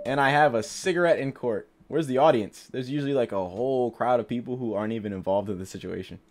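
A man's voice: mid-range voice, fast. A man casually commenting on a video game while joking around and improvising voices. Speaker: gaming YouTuber.

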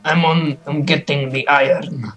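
A man, playing a video game with a friend, easily excited and prone to panicked yelling. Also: a little high, unhurried, crowd noise. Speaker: gameplay co-host. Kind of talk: casual gameplay chat.

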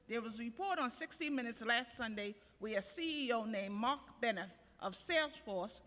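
A woman's voice: on the high side, a bit bright. Emphatic woman testifying in a hall. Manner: earnest, emphatic, reads prepared points. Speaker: union president testifying. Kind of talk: public hearing testimony. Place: council chambers at city hall. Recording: council chamber, long reverb.

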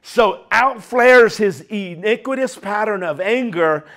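A male preacher giving a conversational sermon in an animated, chatty way. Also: high-pitched, slow pace.

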